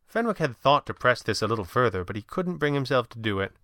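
A man with a mid-range voice narrates an audiobook in an even, measured storytelling style. The studio sound is clean, with no room sound.

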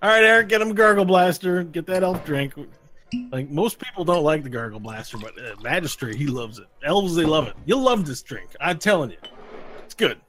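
A loud, overeager Texan tavern keeper who trips over his words while pressing drinks on his customers, as a man puts him on. The voice sits fairly high. Faint music plays in the background. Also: expressive, fairly quick. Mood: pushy. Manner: loud, stammering, pushy hospitality. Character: pushy male tavern proprietor, overeager host.

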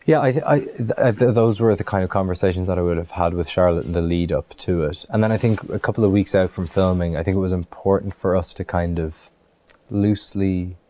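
A man's voice: deep voice, a little fast, mellow. A man from Ireland, an actor, answering interview questions in a thoughtful way, with many restarts and fillers.

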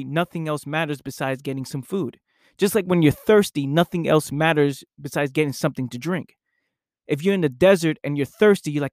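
A man hosting his own podcast, talking slowly and deliberately in a reflective monologue, often repeating phrases for emphasis. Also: fairly high pitch, no echo, clean studio sound. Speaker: podcast host, personal coach.

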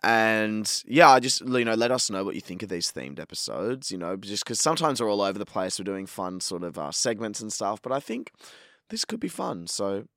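A man's voice: lowish voice, sing-song, moderate pace, fairly bright tone, dry recording, studio quality. A young man, co-hosting a casual podcast chat, laid-back and slangy, swearing freely. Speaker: podcast co-host.

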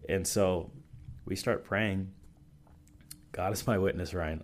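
A man's voice: sits low, steady tone, takes it slowly, long pauses, a little hiss or hum. A man who is a youth pastor, telling stories in a casual podcast interview, full of "like" and "you know" restarts. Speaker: youth and young adults pastor. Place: podcast recording session.

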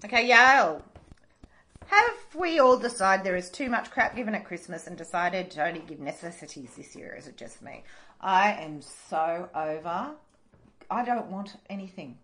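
A woman's voice: on the low side, expressive, normal speed, pushed and bright. An Australian woman co-hosting a podcast in casual chat, dry and irreverent, swearing freely. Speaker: podcast co-host.

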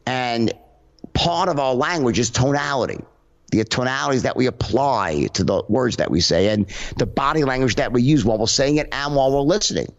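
Animated man with a dull, lo-fi sound. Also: medium pitch, brisk. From United States. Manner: animated, acts out tones in quoted examples, many restarts. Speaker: podcast guest, sales trainer. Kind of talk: casual conversational interview.

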